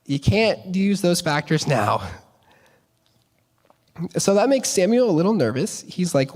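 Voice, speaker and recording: A man's voice: fairly high pitch, lively intonation, unhurried, long pauses. A young man casually retelling a Bible story at a chapel service, chatty and playful, slipping into character voices for the people in the story. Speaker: chapel speaker. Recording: long reverb of a chapel.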